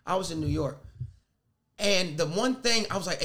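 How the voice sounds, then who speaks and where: A man in his thirties is co-hosting a casual podcast chat, telling a story with plenty of profanity. He acts out each quoted line with animation. His voice sits high for a man. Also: expressive, normal speed, fairly bright tone. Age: 30s. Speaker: podcast co-host.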